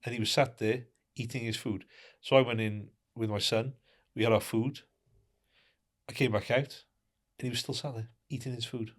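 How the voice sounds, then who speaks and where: Man, average pitch, indignant rhetorical questions, podcast chat. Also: fairly even intonation, normal speed. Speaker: podcast co-host.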